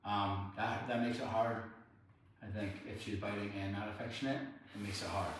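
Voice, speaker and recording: A man working as a dog trainer, calmly explaining training methods during a grooming session and praising the dogs often. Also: fairly low pitch, normal speed. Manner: calm explaining, praises dogs often in sing-song tones. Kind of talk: hands-on training lesson while grooming dogs. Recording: echoey room, distant mic, background noise.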